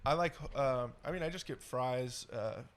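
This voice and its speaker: A young man co-hosting a casual podcast chat, laid-back and deadpan, often saying "dude". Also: mid-range voice, normal speed. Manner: laid-back, says "dude" a lot, improvises mock ads in a flat voice. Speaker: podcast co-host.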